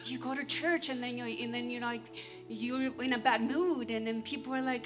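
Woman pastor preaching, kinda high voice, acts stuff out, music going behind. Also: moderate pace. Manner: animated, acts out everyday scenes with props. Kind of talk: sermon. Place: church stage.

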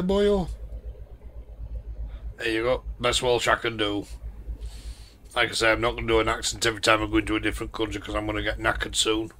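Chatty Yorkshire man, low bright voice. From Yorkshire, England. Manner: rambling, chatty storyteller. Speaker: gaming channel host. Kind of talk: casual driving-game commentary.

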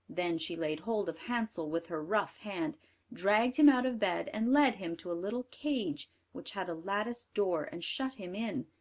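A woman reads a fairy tale aloud in a clear, measured storybook voice. Her pitch sits in an ordinary middle range. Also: darkish tone. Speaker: narrator. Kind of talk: scripted storybook narration.

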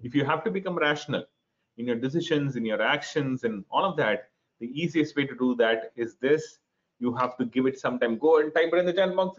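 A middle-aged man with an Indian English accent leads an online workshop in a mid-pitched, lively voice that keeps asking questions and repeating phrases. He speaks into a computer mic over a call, and the audio sounds slightly dull. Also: a little fast. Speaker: webinar speaker and trainer. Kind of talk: interactive online workshop talk.

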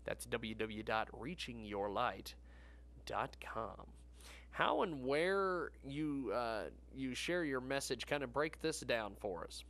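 A man's voice: medium pitch, animated, slow, vocal fry, a bit bright. A man hosting a radio talk show who affirms his guest in an upbeat way and introduces her.

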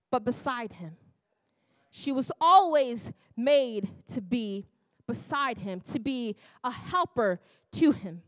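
With a fairly high pitch, a woman preaches in church, often laughing and cutting herself off to exclaim to herself. There's no echo on the recording.

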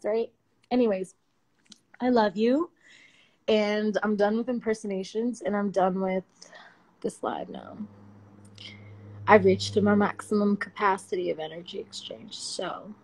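A woman's voice: mid-range voice, creaky, darkish tone. Woman in her twenties, casual livestream chat, slangy, playful, phone mic. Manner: chatty, slangy and playful, laughs often. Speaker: livestream host. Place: home at night.

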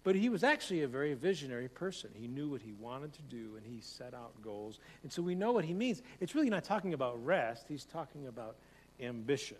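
Conversational pastor in a reverberant church. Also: male voice, mid-range voice, big pitch swings. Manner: conversational, repeats phrases, quick bursts in stories. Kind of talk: sermon. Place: church sanctuary. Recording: long hall reverb, faint hum.

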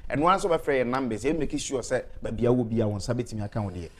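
A man speaking persuasively as a talk-show guest, repeating details slowly and clearly. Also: medium pitch, animated. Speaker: guest promoting a health product. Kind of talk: casual talk-show chat, mixing Twi and English.

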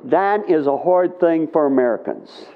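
A middle-aged man leads a live conference Bible teaching in an unhurried, conversational way, often pausing to ask his listeners "okay?". His voice sits a little high for a man. The sound is thin and tinny, like a phone line. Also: expressive.

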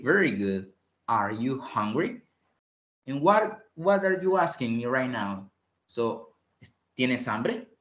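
A man teaches English slowly and patiently over an online class call. He repeats each phrase and switches between English and Spanish. His mid-pitched voice rings in a roomy, echoey space. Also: a bit bright, highs cut off. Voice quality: clears throat often. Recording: roomy echo.

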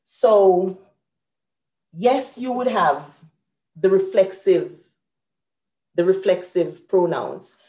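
A woman's voice: medium pitch, animated, drawn-out words, pauses often, warm tone, roomy sound. A woman teaching a live grammar lesson at a whiteboard, explaining patiently step by step and correcting herself aloud. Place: room with a whiteboard.

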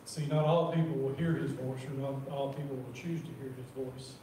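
A man preaching a sermon in church, reading scripture slowly and repeating words as he talks. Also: medium pitch, steady tone, dark tone. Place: church sanctuary. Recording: roomy echo from far off, faint noise.

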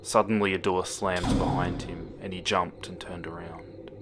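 A man narrating a horror story with a steady, dramatic reading that drops to hushed moments. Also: deep voice, moderate pace, noisy background. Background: music.

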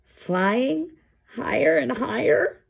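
A woman voicing a curious, easily startled young male polar bear in a children's storybook, gentle and earnest. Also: on the low side, sing-song, normal speed, breathy edge, exaggerated voice.

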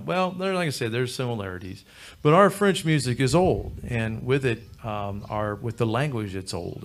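A man's voice: on the low side, a little hiss or hum. A man with a Midwestern American accent chatting from a concert stage between songs, rambling with fillers and restarts. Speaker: fiddler and bandleader.

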